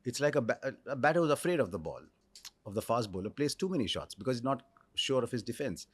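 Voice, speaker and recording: A man in his sixties with an Indian English accent, telling stories in a reflective interview with measured pauses. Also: mid-range voice, very animated, husky, no room sound. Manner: articulate storyteller, measured pauses. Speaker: cricket commentator, interview guest.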